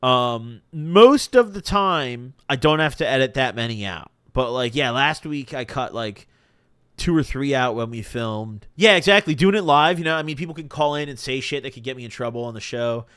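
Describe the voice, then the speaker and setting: This podcast host is a young man telling stories on a live stream, loose and profane with heavy slang and lively delivery. He speaks at medium pitch and normal speed in a clean, studio-quality recording with no room sound.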